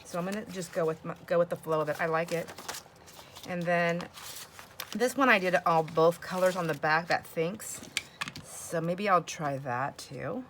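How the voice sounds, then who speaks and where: A woman with a fairly low voice hosts a crafting video at a moderate pace, with some background noise behind her. She chats casually, laughs often, and talks to herself as she works.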